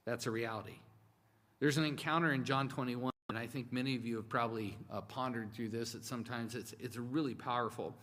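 A man giving a sermon in a large hall, and his voice rings out with a long reverb. He talks to the congregation in an earnest, conversational way and slows down to lean on the key words. His pitch sits in an ordinary middle range. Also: steady tone, a bit bright. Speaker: pastor.

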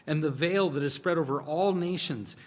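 A man preaching a sermon in a conversational style, swinging between hushed, drawn-out lines and emphatic bursts. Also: fairly high pitch. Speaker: pastor. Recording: long hall reverb.

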